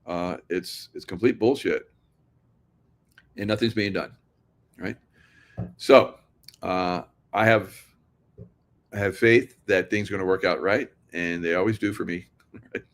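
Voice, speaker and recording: A man's voice: low-pitched, unhurried, pauses often. A man talking casually to his viewers, rambling and sarcastic, laughing often. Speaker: political commentary vlogger.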